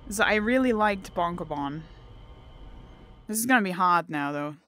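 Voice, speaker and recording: A woman's voice: lowish voice, expressive, normal speed, fairly bright tone, a little hiss or hum. A woman talking to herself while playing a video game, thinking aloud and yelping when something startles her. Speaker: gamer. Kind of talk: casual gameplay commentary.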